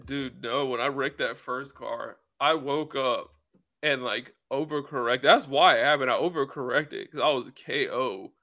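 Young man, podcast co-host, rambling storytelling, casual chat, mid-pitched voice. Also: normal speed, sharp tone. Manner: rambling, filler-heavy storytelling.

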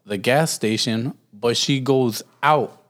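A man's voice: mid-range voice, slow, a bit bright. A man co-hosting a podcast, telling a story in casual chat, laid-back and swearing freely, often laughing at himself. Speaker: podcast co-host.

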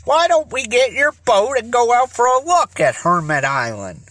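A reader doing a cheerful teen sidekick from a boys' adventure story. He coaxes his pals along in a bright, dry voice. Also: medium pitch, very animated, moderate pace, no room sound. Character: friendly teenage boy, Tony. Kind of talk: audiobook character reading.

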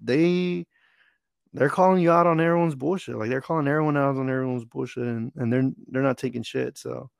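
A man in his twenties hosting a casual chat, telling stories in a relaxed way and laughing easily. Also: medium pitch, a little fast, creaky, smooth, dry recording, clean studio sound.

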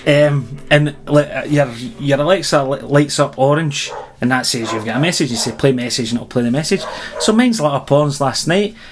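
A Scottish man co-hosting a casual podcast chat, telling stories with lively energy and laughing easily. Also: medium pitch, slight background noise. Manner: animated storyteller, quick to laugh. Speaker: podcast co-host.

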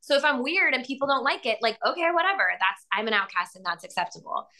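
Bright, higher-pitched chatty woman. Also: quick pace. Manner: rambling and animated, many fillers and frequent laughs. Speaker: podcast host. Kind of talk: casual chat.

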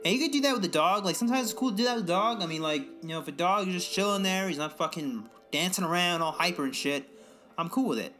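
A young man in casual profane chat, ranting and mimicking other people in high voices. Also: fast talker, sharp tone, faint music behind.

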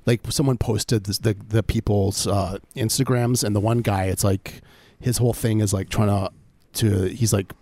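Man, podcast co-host, low mellow voice, dry sound, halting, deadpan jokes. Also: no echo. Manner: halting, many fillers, dry humor. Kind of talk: casual chat.

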